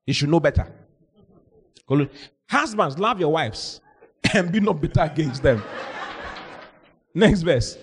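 A man, a pastor preaching a sermon, telling stories with lively mimicry of voices and frequent laughter. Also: fairly high pitch, slow pace, pauses often, slightly rough. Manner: animated storytelling, mimics voices, laughs often.

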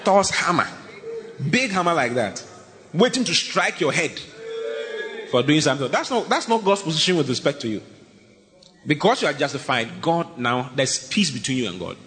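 A man preaching a sermon, swinging from low murmurs up to high shouted lines and reading scripture aloud. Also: big pitch swings, normal speed, long pauses. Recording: long hall reverb.

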